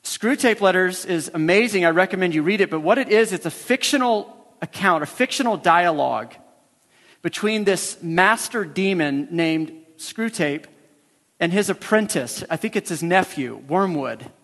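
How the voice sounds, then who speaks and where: A man's voice: high voice, lively intonation, moderate pace, a bit bright, long reverb tail. A male pastor preaching a sermon, emphatic and repeating his key phrases for weight.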